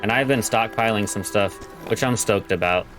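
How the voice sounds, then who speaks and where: A man's voice: on the low side, moderate pace, fairly bright tone, low-quality recording. Laid-back male let's-play host, slangy, joking, faint game music behind. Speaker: gaming channel host. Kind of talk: casual let's play commentary.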